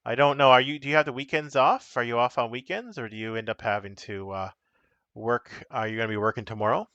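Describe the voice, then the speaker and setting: A man's voice: mid-range voice, quick pace, sharp tone, dry recording, lo-fi sound. A man casually chatting on a live stream as he shows and explains the cards of a solo card game, rambling and correcting himself as he goes.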